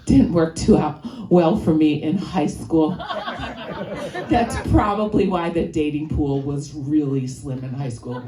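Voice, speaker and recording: A nasal woman with a Chicago accent doing stand-up, rambling and crude as she pokes fun at herself. She talks slowly, and her pitch swings widely and sits a bit high. The sound is roomy and echoey, as from a stage. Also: lively intonation, mellow. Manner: rambling, crude, self-deprecating. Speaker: stand-up comedian. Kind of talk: stand-up comedy set. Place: stage in a comedy venue. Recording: echoey room.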